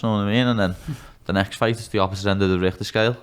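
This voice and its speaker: A man's voice: low voice, fast talker, hardly any pauses, clean tone. A young man in his twenties with a Scouse accent, a guest on a podcast, talking bluntly and candidly, swearing freely and calling everyone "lad". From Liverpool, England. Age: 20s. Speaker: guest, MMA fighter.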